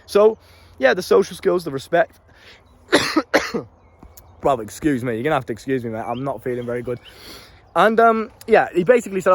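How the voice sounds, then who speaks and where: A man's voice: on the high side, very animated, normal speed, long pauses. A young man with a British accent, telling stories to camera in a casual way, swearing freely and using street slang. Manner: brash, laughs at his own stories. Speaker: life coach.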